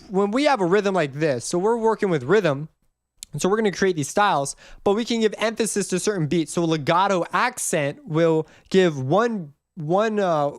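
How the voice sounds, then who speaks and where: A man giving a casual music theory lesson, rambling and correcting himself as he goes, and humming the notes out loud. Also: high voice, no room sound, clean studio sound. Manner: rambling, self-correcting, hums and counts notes aloud. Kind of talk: casual screen-recorded tutorial.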